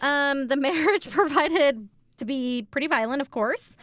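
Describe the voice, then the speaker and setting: A woman's voice: high-pitched, expressive, a little slow, a bit bright, no echo, clean studio sound. A woman co-hosting a casual true crime podcast, telling the story with lots of ums and likes.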